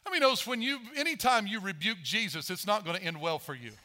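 A man preaching a sermon as pastor, animated, acting out Bible voices as he tells the story. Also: sits high, fast.

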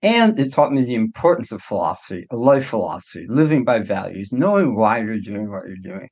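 A man's voice: on the low side, very animated, brisk, a little mellow, breathy edge. A middle-aged man, a doctor, telling his own story in a candid interview in a reflective way, often restarting his sentences. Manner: reflective, with frequent restarts and hedges. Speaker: guest, doctor.

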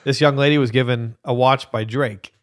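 A man's voice: medium pitch, fairly even intonation, moderate pace, clear, resonant tone. A man co-hosting a podcast, telling a prank story in casual chat with frequent laughter. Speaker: podcast co-host.

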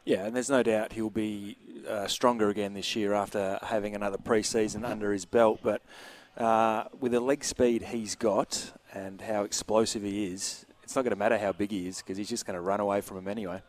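Aussie footy player on radio, lowish voice, easygoing and dry. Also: male voice, fairly even intonation, brisk, hardly any pauses. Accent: Australian. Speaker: radio co-host, footballer. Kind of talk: casual sports radio chat.

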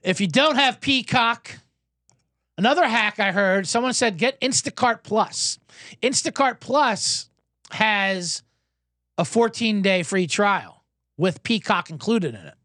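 A man's voice: sits high, animated, unhurried, pushed and bright, dry recording, clean studio sound. A man hosting a comedy sports podcast, ranting sarcastically with lots of swearing and frequent restarts. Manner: ranting, sarcastic, profane, self-interrupting. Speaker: podcast host.

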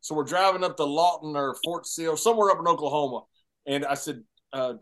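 A man recounts a road trip with plain enthusiasm. His voice sits higher than most men's. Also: fast talker. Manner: enthusiastic, admiring storyteller. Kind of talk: casual storytelling.

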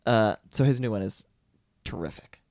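A man's voice: fairly low pitch, normal speed, darkish tone, no room sound, clean studio sound. A man co-hosting a podcast, recommending books in a casual, enthusiastic and rambling way. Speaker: podcast co-host. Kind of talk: casual chat, book recommendation.

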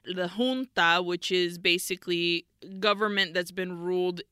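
Bright, clear-voiced woman podcast host. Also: fairly low pitch, fairly even intonation, a little slow, no echo, studio quality. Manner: candid, retelling scenes in detail with nervous laughs. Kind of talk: casual movie recap chat.

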